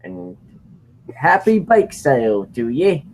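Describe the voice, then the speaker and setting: A man's voice: medium pitch, huge pitch swings, takes it slowly, darkish tone, slight background noise. A man doing a mock cockney English greeter. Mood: playful. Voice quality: exaggerated mock-English accent.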